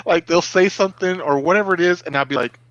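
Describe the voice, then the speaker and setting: A man's voice: high voice, quick pace, a bit bright, no room sound, muffled recording. A middle-aged man co-hosting a live web show, chatting casually and acting out what his kids say. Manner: storytelling, acts out quotes from his kids. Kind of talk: casual live-stream chat.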